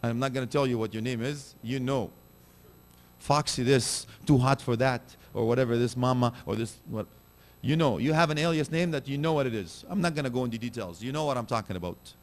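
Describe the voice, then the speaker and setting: A man preaching a sermon, animated and direct, asking his listeners pointed rhetorical questions. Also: medium pitch, quick pace, hardly any pauses.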